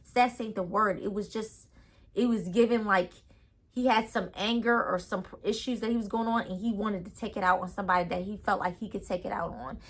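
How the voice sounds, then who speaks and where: A young adult woman telling a casual storytime vlog in an animated, ranting way with lots of slang. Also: mid-range voice, fairly quick, breathy edge. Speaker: storytime vlogger.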